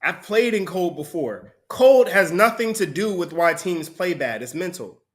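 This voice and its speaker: A man's voice: sits high, expressive, measured pace. A man preaching a conversational sermon, often breaking into laughter between points.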